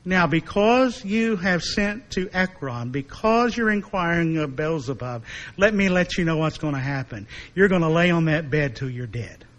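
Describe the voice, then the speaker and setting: A male preacher voicing an Old Testament prophet with sarcasm and disdain, dropping a little lower and quieter. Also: animated, normal speed, dull audio. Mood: disdainful.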